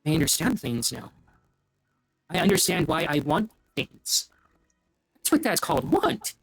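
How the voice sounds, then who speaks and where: A man's voice: fairly high pitch, very animated, unhurried, gravelly, breathy edge, voice pushed up, heavily acted, poor audio. A man voicing a naive, cheerful female rat creature who talks in an eager, simple way. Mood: earnest.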